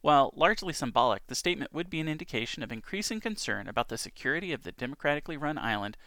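A man's voice: on the high side, very animated, racing, pushed and bright, no echo. A man hosting a casual news show from home, reading headlines and adding chatty asides. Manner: chatty, reads headlines with asides and small laughs. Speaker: podcast news host. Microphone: home recording setup.

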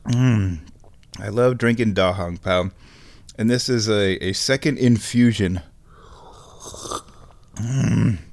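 A man hosting a comedy show, talking in a drawn-out, deadpan, mock-dramatic ramble. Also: lowish voice. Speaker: host.

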